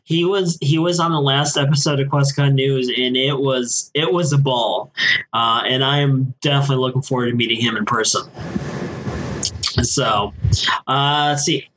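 A man's voice: medium pitch, steady tone, normal speed, fairly bright tone, a little hiss or hum, poor audio. A man hosting a casual podcast, upbeat and steering the conversation with questions. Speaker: podcast host.

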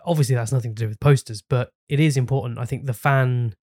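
An easygoing male podcast host with a mid-pitched voice, recorded dry and close. He agrees readily and hedges his points with small fillers. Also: steady tone, fast talker, a little mellow, no echo. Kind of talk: casual podcast interview.

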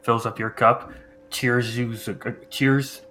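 A man narrating a tabletop game as game master, in a halting, descriptive way. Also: medium pitch, level tone, bright, forceful tone, a little hiss or hum.

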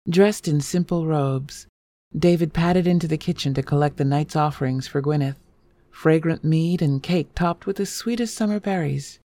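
A woman narrating a scripted story in a measured, gentle, melancholy way. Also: low-pitched, creaky, dry recording.

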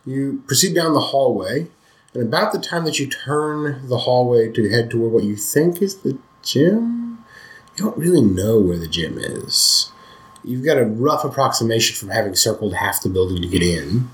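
A man's voice: medium pitch, expressive, normal speed. A man narrating a tabletop horror game as game master, describing scenes steadily.

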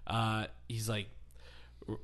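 A man's voice: fairly low pitch, monotone, slow pace, fairly bright tone. A man hosting a podcast, telling a story in casual chat and acting out the quotes. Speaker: podcast host.

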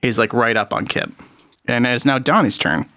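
A man's voice: medium pitch, moderate pace, pushed and bright. Casual man running a tabletop game. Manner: loose, laughing narration with fillers. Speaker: game master.

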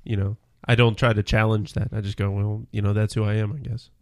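Low-voiced reflective podcast co-host. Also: male voice, flat delivery, a little fast, no echo, clean studio sound. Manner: reflective, hesitant, many restarts. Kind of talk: casual chat.

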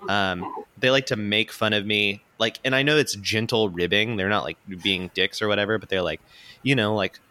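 Young male podcaster from Florida, bright forward voice, dry close sound, loose rambling chat. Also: on the low side, fairly even intonation, normal speed, no echo. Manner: rambling, filler-heavy, self-deprecating. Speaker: podcast host. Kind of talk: casual chat.

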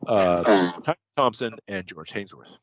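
Deep-voiced man rattling off stats. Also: a little slow, no room sound, highs cut off. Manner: reels off statistics, corrects himself mid-sentence. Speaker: podcast co-host. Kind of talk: casual stats-heavy podcast chat.

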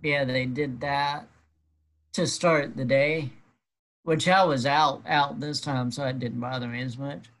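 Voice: mid-range voice, fairly even intonation, a little slow, fairly bright tone. A guest telling a personal story in a casual, wry and matter-of-fact way.

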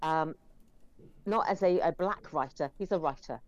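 A woman's voice: deep voice, normal speed, a little mellow, no room sound, dull audio. A woman reviewing films in casual, rambling chat, with many fillers. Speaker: film reviewer.

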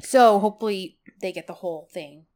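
A woman's voice: medium pitch, fairly quick, warm tone. A woman co-hosting a casual podcast, retelling TV episode scenes and acting out the characters' lines. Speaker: podcast co-host recapping a TV series. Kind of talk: casual chat.

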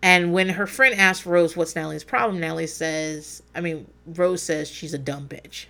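A woman's voice: fairly low pitch, moderate pace, gravelly, bright, forceful tone. A woman in her forties hosting a casual recap podcast, who talks in a digressive, profane way and laughs at herself. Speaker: podcast host recapping a reality show. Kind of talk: casual chat.

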